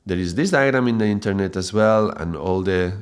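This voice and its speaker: A man teaching a lesson, speaking haltingly, often repeating words and checking in with "yeah?". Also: low-pitched, expressive, clean tone. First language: Spanish. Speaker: mantra teacher. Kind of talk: explanatory video lesson.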